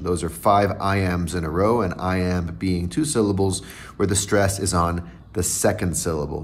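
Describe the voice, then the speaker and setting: Low-voiced male podcast host explaining. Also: normal speed. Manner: teacherly, explains terms with examples.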